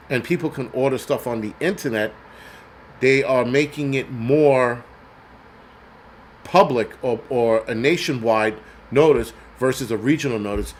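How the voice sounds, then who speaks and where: A man's voice: medium pitch, a little hiss or hum. A middle-aged man hosting a show, ranting in a profane, sarcastic and blunt way. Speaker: host. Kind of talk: ranting commentary.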